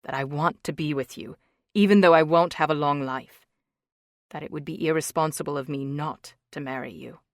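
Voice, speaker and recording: A woman reading an audiobook, voicing a gentle, playful young husband in a lowered voice. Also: moderate pace, no echo, studio quality. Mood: tender. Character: tender joking young husband, man. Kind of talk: audiobook character voice.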